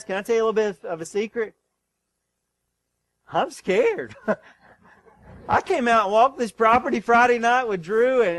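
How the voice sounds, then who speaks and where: A man preaching a sermon as pastor. He presses his congregation with questions, calls out "Amen?", and moves between urgent, loud stretches and hushed, slow ones. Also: high-pitched, no room sound, low-quality recording. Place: church sanctuary.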